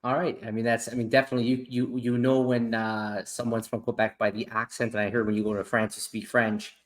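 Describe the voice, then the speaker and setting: A man's voice: medium pitch, flat delivery, brisk. A man hosting his channel, chatting casually and cheerfully with a guest, with frequent fillers. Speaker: channel host. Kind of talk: casual interview chat.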